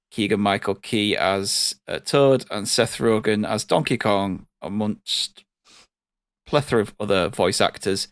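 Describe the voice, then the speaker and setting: A low-pitched man chats casually as a podcast host, relaxed and rambling, swearing freely. His voice is recorded close and dry, with no room sound. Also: normal speed, clean tone, dry recording. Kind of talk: casual chat.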